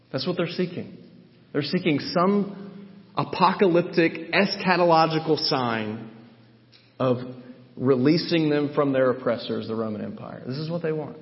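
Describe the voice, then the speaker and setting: A man preaches through a Bible passage, pressing his points with emphasis and often restarting his sentences. His voice sits at an ordinary pitch for a man. It rings out in a hall with a long reverb, and the recording sounds somewhat muffled. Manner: emphatic, thinking aloud with restarts. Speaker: Bible teacher. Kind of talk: sermon teaching.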